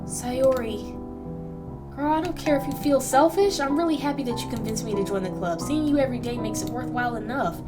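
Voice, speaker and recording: A woman's voice: on the high side, a little fast, over loud music. A young woman hosting a let's play, reading the game aloud with emotional, slangy commentary. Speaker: gaming channel host.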